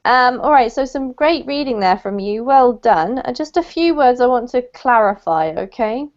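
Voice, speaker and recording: A woman's voice: a little high, expressive, moderate pace. A woman teacher giving patient, encouraging pronunciation feedback to a student in an online English lesson. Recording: dull lo-fi call audio.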